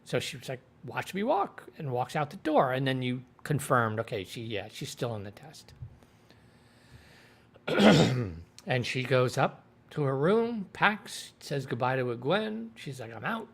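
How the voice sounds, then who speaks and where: A man's voice: medium pitch, animated, unhurried, gravelly. A man hosting a livestream, casually retelling a TV episode in a rambling way and quoting the characters. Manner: rambling retelling with quoted voices. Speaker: show reviewer.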